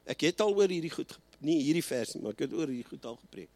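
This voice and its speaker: A man preaching a sermon, moving between Afrikaans and English and slowing down to stress key lines. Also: on the high side, big pitch swings, a little mellow, dry recording. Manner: switches between Afrikaans and English, slows and rises for emphasis. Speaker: pastor.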